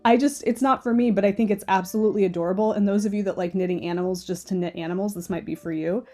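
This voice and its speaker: A woman's voice: medium pitch, fairly even intonation, fast talker, dark tone. A woman hosting a knitting channel, chatting casually with a stuffy nose and thinking aloud as she goes. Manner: chatty, thinks aloud, changes her mind. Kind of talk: casual chat.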